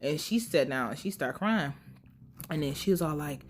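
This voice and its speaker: A woman's voice: sits low, expressive, moderate pace. A young woman hosting a casual, profane recap of a TV series. She swears freely, uses a lot of slang and laughs often. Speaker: podcast host recapping a TV series.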